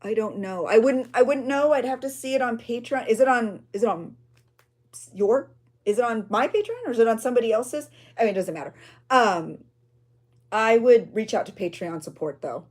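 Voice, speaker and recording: A woman's voice: fairly low pitch, a little mellow. A woman chatting casually on a livestream while she crafts, reading viewer comments aloud and reacting with gasps and exclamations. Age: adult with a child. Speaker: junk journal creator hosting a livestream.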